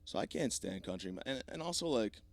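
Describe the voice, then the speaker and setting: A man's voice: mid-range voice, expressive, fairly quick, creaky, no echo. A man in his thirties hosting a solo comedy podcast, ranting in a profane, rambling, self-mocking way with a slightly sore voice. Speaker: podcast host.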